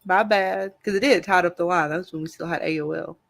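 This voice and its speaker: A co-host in a casual online show, reading viewer comments and telling lively stories. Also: mid-range voice, rapid-fire, vocal fry. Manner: animated, chatty storyteller. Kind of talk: casual chat.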